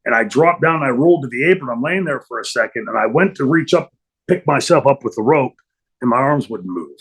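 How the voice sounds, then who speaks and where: A man's voice: medium pitch, expressive, brisk, fairly bright tone, slightly rough, poor audio. A middle-aged man telling a long story in an interview, rambling with many fillers and restarts. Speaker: interview guest, former wrestler.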